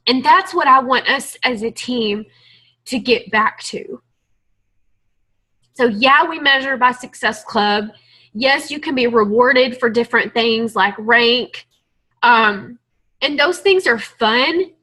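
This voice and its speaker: A woman's voice: fairly high pitch, takes it slowly, bright, forceful tone, poor audio. A woman leading a team call, giving an earnest, emotional motivational talk to her group. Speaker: team leader on a coaching call.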